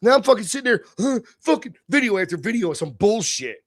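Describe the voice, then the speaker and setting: A tipsy man hosting a live stream, ranting and swearing, swinging between low mutters and shouted outbursts. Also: big pitch swings, quick pace, no echo, studio quality. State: tipsy from beer. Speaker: livestream host. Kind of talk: profane live-stream rant.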